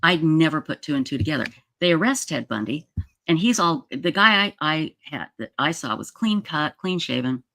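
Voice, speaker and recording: A woman's voice: sits low, lively intonation, moderate pace, sharp tone, dry recording. A woman in her sixties from Utah, telling a long personal story on a livestream in a chatty, rambling way, full of restarts. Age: 60s. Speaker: livestream host. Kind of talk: casual storytelling. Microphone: streaming setup mic.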